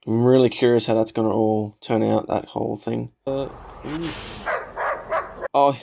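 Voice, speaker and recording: A man's voice: medium pitch, fairly even intonation, a little slow, vocal fry, warm tone, muffled recording. A man giving a casual movie reaction commentary, laughing often, swearing and filling with "like" and "you know".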